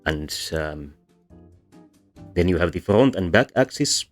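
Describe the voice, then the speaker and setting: A man with a very low voice gives a livestreamed lecture on vowel sounds, explaining patiently and often pausing on um and uh. Now and then he sounds out vowels as examples. Soft background music plays faintly beneath his voice. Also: animated. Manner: explains patiently with many ums and uhs, demonstrates vowel sounds. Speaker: VTuber linguistics presenter.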